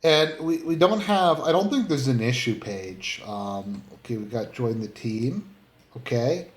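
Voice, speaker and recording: A man's voice: medium pitch, lively intonation, unhurried. A man giving casual commentary online, rambling and blunt, with many fillers and some swearing. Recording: roomy, echoey room.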